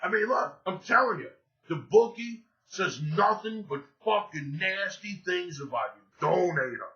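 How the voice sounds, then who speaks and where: A man in a brash, profanity-laced betting-pick monologue, bragging as he runs through his plays. His voice sits high and sounds hard-edged and gravelly. The recording is dull and lo-fi. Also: lively intonation, measured pace, bright, forceful tone. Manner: boastful, profane and swaggering. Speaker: sports betting handicapper.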